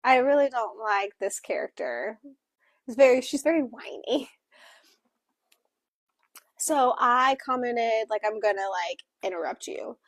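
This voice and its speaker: Slow-talking woman retelling a plot. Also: on the high side, dry recording. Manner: animated retelling with acted-out quotes, frequent fillers. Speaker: book club co-host voicing for a Deaf co-host. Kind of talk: casual book club plot summary.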